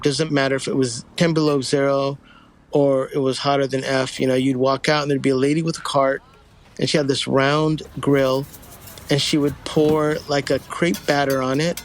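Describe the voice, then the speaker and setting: A man from the United States telling stories casually, lively and acting out the people in them. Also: medium pitch, moderate pace, a little hiss or hum. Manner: animated, acts out voices and sings in quotes. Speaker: storyteller guest. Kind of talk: casual storytelling.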